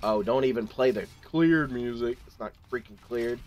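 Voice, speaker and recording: A man's voice: mid-range voice, moderate pace, hardly any pauses, darkish tone, slight background noise. A young man giving let's play commentary, frantic and exclaiming as he talks to himself and the game. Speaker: gaming channel host.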